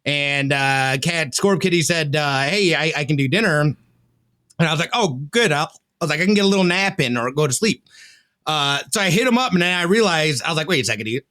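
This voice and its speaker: A man's voice: fairly high pitch, expressive, fairly quick, pushed and bright. A tired man in his thirties rambles through a story on a gaming podcast, often laughing mid-sentence. His voice sits a little above the usual male range. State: tired from no sleep. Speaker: podcast co-host. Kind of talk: casual chat.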